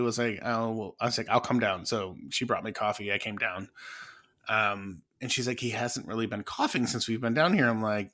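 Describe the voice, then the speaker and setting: A man's voice: mid-range voice, brisk, bright, forceful tone. A man in his thirties co-hosting a podcast, telling a family story in a laid-back way with fillers. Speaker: podcast co-host. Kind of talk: casual chat.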